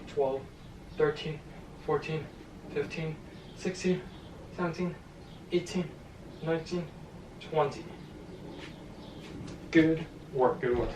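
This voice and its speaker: A man's voice: on the high side, noisy background. A male boxing fitness coach leading a home stretching workout, counting holds aloud with encouraging cues and sounding a little out of breath. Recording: echoey room, mic at a distance.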